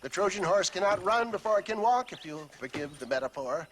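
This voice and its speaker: A man's voice: high-pitched, expressive, fairly quick, fairly bright tone. An actor playing a pompous, wordy older snake-oil salesman who talks in florid, theatrical phrases. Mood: smug. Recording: game audio with background noise.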